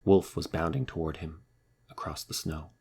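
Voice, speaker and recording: A man reading a children's storybook aloud in a wry, lively storytelling manner. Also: rumbling low, moderate pace, gravelly, slightly rough. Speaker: narrator.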